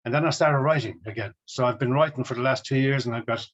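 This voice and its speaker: Irish middle-aged musician, enthusiastic. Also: male voice, medium pitch, fast. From Ireland. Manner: enthusiastic, storytelling. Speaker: musician guest. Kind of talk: casual interview chat. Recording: dull lo-fi audio.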